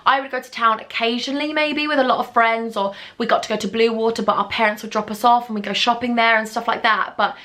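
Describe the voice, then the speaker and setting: A woman's voice: on the high side, fairly even intonation, fast, few pauses, a bit bright. Chatty young woman. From England. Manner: gushing, chatty, pet names. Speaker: beauty vlogger. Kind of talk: casual storytime chat.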